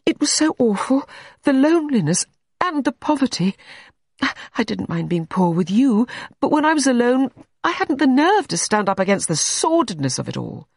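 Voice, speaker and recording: A reader voicing a young wife torn between her husbands, speaking in a high, breathless, pleading way. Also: big pitch swings, moderate pace, husky, no echo, clean studio sound, exaggerated voice.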